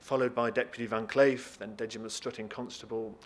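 A man's voice: fairly low pitch, a little fast, a little hiss or hum. Man reading a novel aloud expressively. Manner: lively expressive reading, talks briefly to listeners. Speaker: reader.

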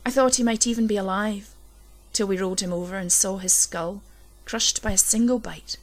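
A woman reading a dark first-person story aloud, low and intense, swelling at the tense moments. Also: fairly even intonation, moderate pace. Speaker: narrator. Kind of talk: scripted horror story reading.

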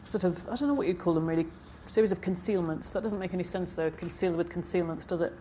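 A woman's voice: on the low side, fast, mellow, a little hiss or hum. Novelist reading her own work aloud, woman. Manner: chatty asides with fillers between readings. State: frog in her throat. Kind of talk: author reading at a live event. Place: festival stage.

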